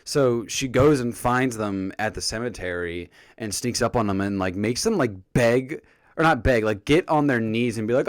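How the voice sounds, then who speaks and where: Animated man with a lively voice. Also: mid-range voice, moderate pace, no room sound. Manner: animated, jokey, acts out characters' lines. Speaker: TV episode reviewer. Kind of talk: casual review vlog.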